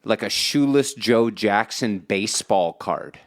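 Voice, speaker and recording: A man co-hosting a podcast over a call, talking in a loose, rambling way with lots of laughter. His voice sits a little low, and now and then he acts out film lines. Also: slow. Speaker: podcast co-host. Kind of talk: casual chat. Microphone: remote call.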